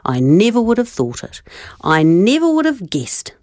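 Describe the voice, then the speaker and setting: Woman, storyteller, very lively sing-song rhyming read, dry close sound. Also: medium pitch, normal speed, no echo. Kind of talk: rhyming children's story reading.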